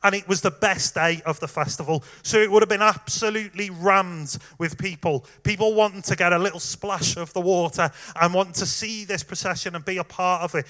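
Male preacher, high bright voice, chatty sermon delivery, addresses the congregation directly. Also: steady tone, fairly quick, hardly any pauses. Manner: conversational, warm direct address with fillers.

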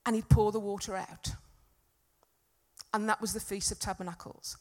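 A woman preaching a sermon to a congregation, earnest and emphatic, swinging from loud peaks to soft, quiet stretches. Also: mid-range voice, level tone, normal speed. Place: church hall with congregation.

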